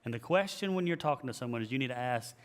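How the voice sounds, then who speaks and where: A man who is a pastor, giving an emphatic, animated leadership teaching and repeating his key phrases. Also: medium pitch, quick pace. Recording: long hall reverb.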